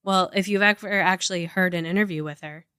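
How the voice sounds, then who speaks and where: A woman's voice: lowish voice, fairly even intonation, fairly quick, bright, forceful tone, clear, resonant tone, no room sound, studio quality. A woman co-hosting a casual podcast chat, explaining with examples and lots of "like" and "right?". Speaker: podcast co-host.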